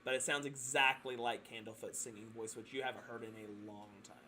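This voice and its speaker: A man's voice: mid-range voice, steady tone, a little fast, bright, forceful tone, a little hiss or hum. A man narrating as dungeon master, loose and hesitant, with many fillers. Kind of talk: narrating a tabletop game.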